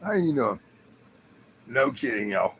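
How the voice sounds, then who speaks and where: A man's voice: mid-range voice, very animated, measured pace, fairly bright tone, a little hiss or hum, low-quality recording. A man livestreaming from home, telling a rambling story to viewers and laughing often. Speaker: livestream host.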